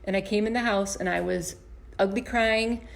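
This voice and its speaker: A woman's voice: mid-range voice, steady tone, normal speed, vocal fry. A woman, an empowerment coach and comedian, giving a motivational talk to camera from her home basement, earnest and storytelling, often restarting and repeating words. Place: home basement performance space.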